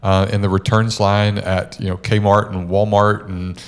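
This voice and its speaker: Middle-aged man, podcast co-host, rambling casual chat, somewhat low voice. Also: little pitch movement, a little slow. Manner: chatty storyteller, frequent "uh" and "you know".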